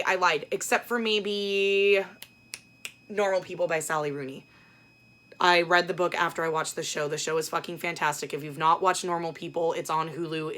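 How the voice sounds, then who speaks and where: A woman book vlogger talking casually about books, blunt and profane, with lots of fillers. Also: fairly low pitch. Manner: blunt, profane, animated ranting with many fillers. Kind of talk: casual ranting book chat.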